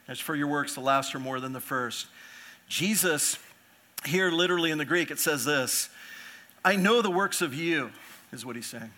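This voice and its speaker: A middle-aged male pastor preaching a sermon in a bright, forceful, slightly high voice. He speaks earnestly, building in volume when he drives a point home, then dropping back to a quieter, conversational tone. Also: moderate pace. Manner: earnest preaching, swells louder on key points.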